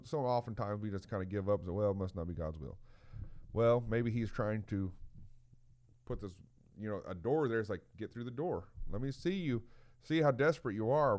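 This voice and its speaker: A man's voice: lowish voice, darkish tone. A man giving an informal, earnest sermon, retelling stories with frequent restarts and "you know" fillers. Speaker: preacher.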